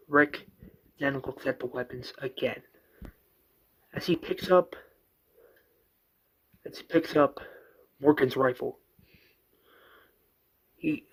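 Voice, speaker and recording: A man's voice: mid-range voice, a bit bright. A man casually retelling a story scene by scene, rambling with fillers and self-corrections. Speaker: narrator.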